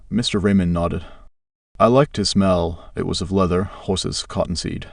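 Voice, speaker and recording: A man narrating an audiobook in a steady, unhurried way. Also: low-pitched, gravelly, no room sound, clean studio sound, recorded from a distance. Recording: voice a bit off-mic.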